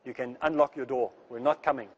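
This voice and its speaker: A man giving an earnest religious lecture in a rushing, rapid delivery, repeating phrases to make his point. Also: mid-range voice, steady tone, highs cut off. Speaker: Islamic speaker.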